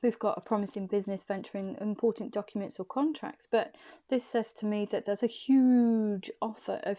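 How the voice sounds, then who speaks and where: A woman's voice: mid-range voice, warm tone. A woman doing an intuitive tarot reading to camera, chatty and reassuring, who repeats phrases for emphasis. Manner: soothing, reassuring encouragement. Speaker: tarot card reader.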